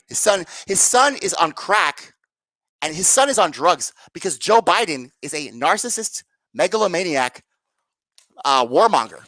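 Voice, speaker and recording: A woman's voice: on the low side, expressive, normal speed, a bit bright, dry recording. A woman hosting a solo political commentary livestream. She rants sarcastically and profanely, firing rhetorical questions at her viewers.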